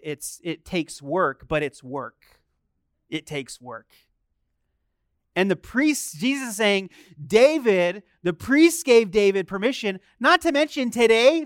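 Male pastor, sermon, talks conversationally, asks listeners questions, smooth resonant voice, dry sound. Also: high-pitched, a bit bright, no echo.

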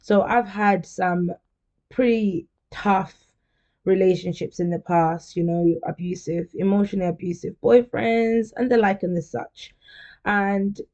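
Gravelly, mellow woman podcaster. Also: medium pitch, a little slow, lo-fi sound. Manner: chatty and candid, laughs often, turns emotional. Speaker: podcast host. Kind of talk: casual solo podcast monologue.

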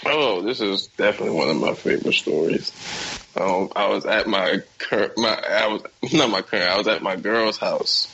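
A man's voice: on the low side, normal speed, gravelly, sharp tone, muffled recording, slight background noise. A man chatting casually on a podcast, telling a story in a slangy, profane way and laughing as he goes. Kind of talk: casual chat.

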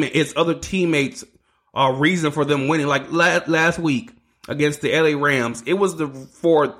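A man's voice: on the high side, fairly bright tone. A man hosting a solo sports podcast, ranting casually with lots of swearing and restarts. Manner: ranting, profane, restarts a lot. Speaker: podcast host.

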